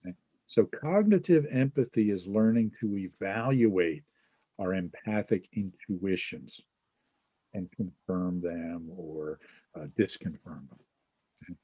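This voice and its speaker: A man's voice: low-pitched, animated, a little slow, warm tone, breathy edge, dry recording, highs cut off. A man presenting a webinar over a video call, acting out little scenes and checking in with "right?". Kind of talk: teaching talk with examples.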